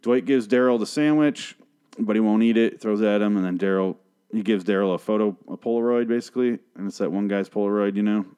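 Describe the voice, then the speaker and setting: Male podcast host, low-ish voice, swears freely, rambles and corrects himself mid-recap. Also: quick pace, dark tone, clean tone. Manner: rambling, profane and self-correcting. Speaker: TV show review host. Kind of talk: casual solo recap podcast.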